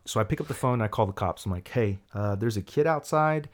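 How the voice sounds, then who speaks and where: Animated man telling a story. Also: quick pace, hardly any pauses. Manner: animated, acts out quoted voices with big pitch jumps. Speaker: storyteller in a chat. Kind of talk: casual storytelling chat.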